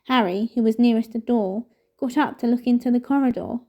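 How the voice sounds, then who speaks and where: A woman reads a novel aloud in steady, measured narration. Her voice is fairly high and mellow. The recording sounds dull and lo-fi. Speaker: storybook reader.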